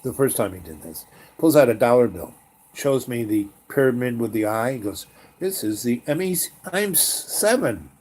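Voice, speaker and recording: A man in his sixties telling a rambling personal story, full of pauses, "um"s and "you know"s, often trailing off quietly. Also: mid-range voice, expressive. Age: 60s. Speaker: storyteller host.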